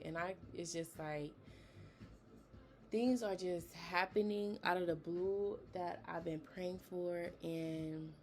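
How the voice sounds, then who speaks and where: A young woman hosts a podcast in a casual, earnest, encouraging tone, using a lot of fillers as she gives motivational talk. Her voice is low and somewhat dark.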